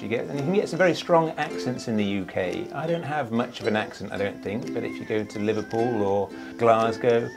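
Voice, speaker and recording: A middle-aged man with a British accent talks at an everyday, mid-range pitch, relaxed and conversational. He chuckles often as he answers, padding his thoughts with "you know", and music plays underneath. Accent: British English. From United Kingdom. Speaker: director of a cultural institute office. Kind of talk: relaxed interview chat. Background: background music.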